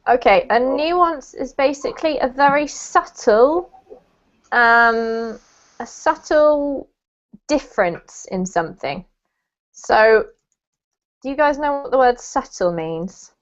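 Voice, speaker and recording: A woman's voice: sits high, lively intonation. Patient woman teaching English on a call. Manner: patient, explains slowly with checking questions. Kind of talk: online language lesson. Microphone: video call. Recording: muffled video-call audio.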